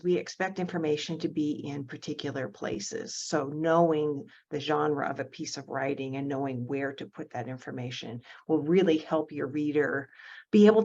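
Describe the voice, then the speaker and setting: A woman teaching an online writing workshop, explaining step by step in a measured way with some fillers, over a video call. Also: low-pitched, highs cut off.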